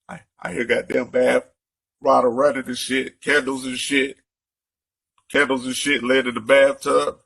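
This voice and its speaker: A man playing a breathless, husky ranting man. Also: fairly high pitch, pushed and bright, full character voice. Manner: profane, rambling rant. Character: furious cheated-on working man ranting online. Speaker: comedian in a skit clip.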